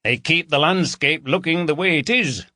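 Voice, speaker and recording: Gruff-warm Yorkshire DCI, brisk and teasing, raised bright voice, read by a male narrator, audiobook. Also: fairly high pitch, no echo, studio quality, pitched above the performer's own voice. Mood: jovial. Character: jovial Yorkshire male chief inspector, teasing.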